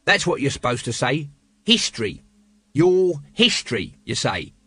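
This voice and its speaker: A scruffy, coarse watch corporal with a blunt, leering manner, put on by a male narrator. His lines are pitched up from the reader's voice and recorded close and dry. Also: very animated, measured pace, pushed and bright, slightly rough, no room sound, full character voice. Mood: coarse banter.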